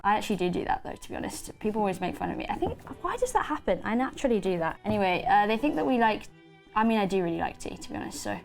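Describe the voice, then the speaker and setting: A woman's voice: medium pitch, very animated, fast, gravelly, soft background music. A British woman, an actor guest, chatting casually in an interview while she paints, scattered and self-deprecating. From Britain.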